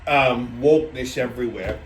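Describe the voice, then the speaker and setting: A man's voice: medium pitch, normal speed, a little hiss or hum. Brash, foul-mouthed man. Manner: brash, profane, rambling with frequent restarts. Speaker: show host. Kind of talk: casual ranting commentary. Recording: echoey room.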